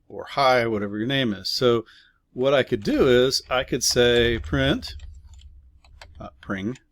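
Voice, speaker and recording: Relaxed man explaining code, dry sound. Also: medium pitch, no room sound. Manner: relaxed explaining with fillers and asides. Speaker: programming teacher. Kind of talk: casual screen-recorded coding lesson.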